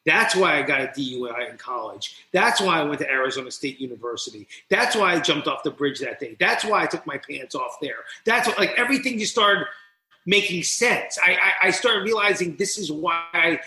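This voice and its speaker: A man from New Jersey tells his own story as a podcast guest, lively and quick, acting out each scene. His voice sits a little high and rings bright and forceful. The sound bounces around an echoey room. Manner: animated, quick, acts out scenes as he tells them. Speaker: podcast guest, speaker and coach. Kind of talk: candid storytelling in conversation.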